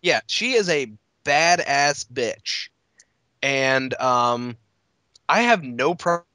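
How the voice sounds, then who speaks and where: A man's voice: medium pitch, lively intonation, slow, bright, forceful tone, clear, resonant tone, dry recording. A man co-hosting a wrestling podcast, rambling casually with swearing and laughter. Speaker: podcast co-host. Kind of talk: casual chat.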